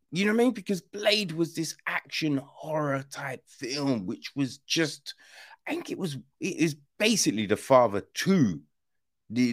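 A man hosting a film podcast, chatting casually in an animated, slangy way, swearing and laughing often. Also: mid-range voice. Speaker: podcast host, film reviewer. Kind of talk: casual chat.

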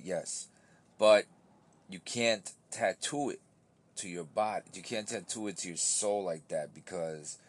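A man hosting his own podcast, talking loosely and rambling, with restarts and casual swearing, tired from an early start. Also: low voice. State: tired, yawning. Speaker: podcast host.

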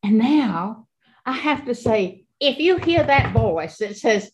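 Halting older woman in her eighties. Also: fairly high pitch, big pitch swings. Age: 80s. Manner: halting, repeats words, earnest. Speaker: guest. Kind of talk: faith testimony.

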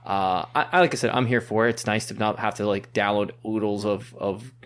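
Upbeat host, a man with a fairly low voice who talks quickly and casually. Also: steady tone, slight background noise. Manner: upbeat, quick, restarts and fillers. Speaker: podcast host. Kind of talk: casual chat, presenting news.

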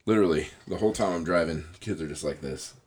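A man's voice: deep voice, fast, a little mellow, a little hiss or hum. A man in casual podcast chat, laid-back and swearing freely.

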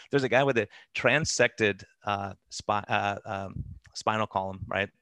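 A man, a physician, telling animated stories in an interview, laughing as he acts out the people in them. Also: fairly low pitch, moderate pace, no echo. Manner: animated, laughing anecdotes with quoted voices. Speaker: physician guest. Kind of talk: conversational storytelling interview.

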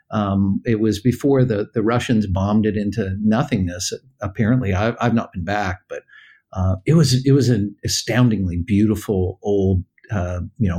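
An older man from the United States, a guest in a casual interview, telling a story in a halting, animated way and acting out the dialogue. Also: lowish voice, husky.

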